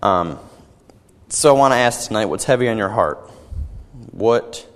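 A young man giving an earnest personal testimony as a sermon, halting and often repeating his words. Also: fairly low pitch, animated, fairly bright tone, long reverb tail. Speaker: young preacher.

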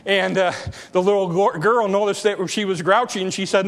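High-voiced preacher in a reverberant hall. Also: male voice, steady tone, normal speed. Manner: dramatic, rising to shouts, repetitive emphasis. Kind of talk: sermon.

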